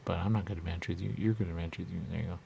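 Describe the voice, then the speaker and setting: A man with a very low, gravelly voice rambles through a loose monologue, circling back to the same catchphrases again and again. A faint hiss of noise sits under his voice. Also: fairly even intonation, rapid-fire, mellow. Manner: repetitive, rambling, repeats catchphrases. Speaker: radio show host.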